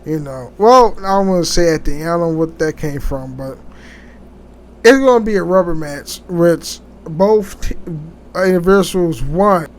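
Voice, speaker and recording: Rambling podcast host, slightly high voice. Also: male voice, a little hiss or hum. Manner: rambling, halting, many restarts and fillers. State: sleepy, yawning. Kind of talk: casual solo podcast commentary.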